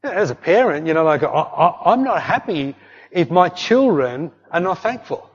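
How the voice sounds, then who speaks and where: A man's voice: a little high, sing-song, normal speed. A middle-aged man preaching a sermon as pastor, emphatic and repetitive, often calling out "hey" to the congregation. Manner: emphatic preaching with repeated "hey" and "don't fret". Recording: long hall reverb, dull lo-fi sound.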